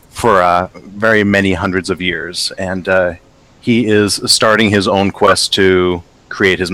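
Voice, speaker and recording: A man's voice: low voice, sharp tone. A man introducing himself as a new player in a modest, plain way. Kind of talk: casual self-introduction.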